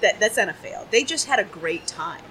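Bubbly, lively-voiced woman guest. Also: mid-range voice, brisk, slight background noise, rough recording. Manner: bubbly, playful. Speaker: business strategist, guest. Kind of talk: casual interview chat. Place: indoor public market.

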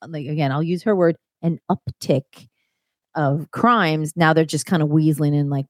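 A woman's voice: deep voice, steady tone, moderate pace, no room sound, clean studio sound. A woman co-hosting a podcast, blunt and scornful in casual chat. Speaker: podcast co-host.

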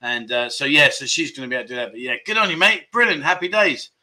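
This is a fast-talking man in his 50s with a mid-range, sharp-toned voice, hosting a casual livestream chat show in Pattaya. He rambles while reading viewer comments, chatty and heavy on fillers and self-corrections.

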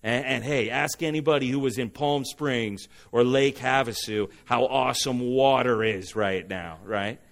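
A man from Southern California, preaching a sermon, animated and asking the congregation for responses. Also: medium pitch, a little slow, creaky, hardly any pauses. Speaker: pastor.

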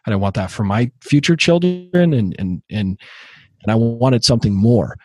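A man in his early thirties with a slightly husky voice tells his story as a podcast guest. He speaks in a halting way, with many fillers and restarts. The sound is dry and close. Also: medium pitch, a little mellow, no echo. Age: 30s. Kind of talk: casual interview storytelling.

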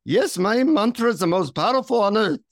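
A man voicing a serene older Indian guru with an Indian accent, speaking in slow, solemn pronouncements. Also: high voice, expressive, creaky, no room sound, studio quality, pitched above the performer's own voice. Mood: grand.

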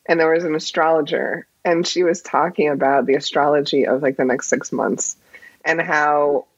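Low husky woman chatting n laughing a lot, dry dull sound. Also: normal speed, no room sound. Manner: laughs often, animated storytelling. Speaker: guest. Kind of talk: casual interview chat.

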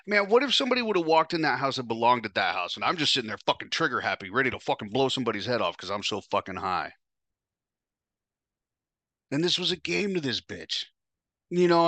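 A man's voice: medium pitch, pushed and bright, no echo. A podcast host telling his own story in the first person, blunt, profane and emotional.

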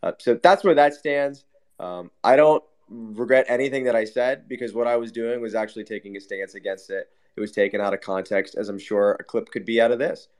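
A man's voice: mid-range voice, fairly quick, darkish tone, clean tone. A man in a casual online voice chat who talks bluntly, swears often and argues his point. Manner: blunt, swears a lot, argumentative. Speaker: panelist on a crypto talk space.

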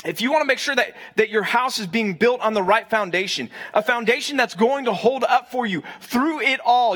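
A man's voice: sits high, a bit bright, slightly rough. A young adult man, a pastor, giving a conversational sermon that invites the listeners to answer and repeats key lines for stress.

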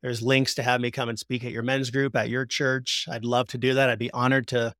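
A man in his forties, a podcast guest and prison minister, giving an earnest, heartfelt testimony that slows down for emphasis like a preacher. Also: mid-range voice, flat delivery, a bit bright, no echo, studio quality.

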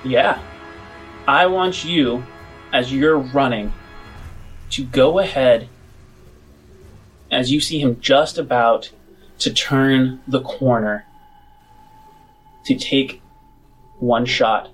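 A man runs a tabletop role-playing session as game master, his voice slightly husky. He talks through the scene in a relaxed, descriptive way, with soft music playing underneath. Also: medium pitch, low-quality recording. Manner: descriptive, unhurried narration with casual fillers.

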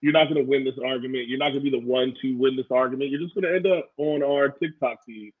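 A man's voice: mid-range voice, fast talker. A man co-hosting a podcast, ranting bluntly and profanely in casual chat. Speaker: podcast co-host. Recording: tinny phone-like line.

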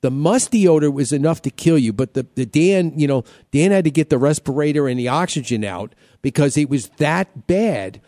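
A man's voice: on the high side, lively intonation, moderate pace, few pauses, warm tone, no echo, studio quality. A man hosting a home-repair radio show, talking casually, repeating himself and cracking jokes. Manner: chatty, repeats himself, joking.

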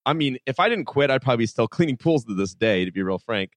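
Quick-paced and mid-range, this podcast guest animatedly recounts stories in a casual interview, voicing the dialogue himself and peppering it with "like." There's no room sound.

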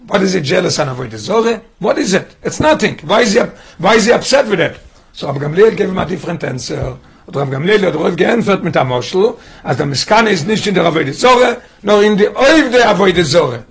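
Rabbi guy teaching torah, kinda high pitched, real raspy voice. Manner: poses rhetorical questions, mixes in Yiddish and Hebrew terms. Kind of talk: Torah lesson.

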